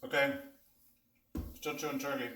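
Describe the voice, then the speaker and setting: A man's voice: medium pitch, little pitch movement, moderate pace, bright, forceful tone. A man hosting a casual food taste-test vlog, chatting to viewers and talking with his mouth full as he eats. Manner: chatty, talks with mouth full while eating. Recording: echoey room, mic at a distance.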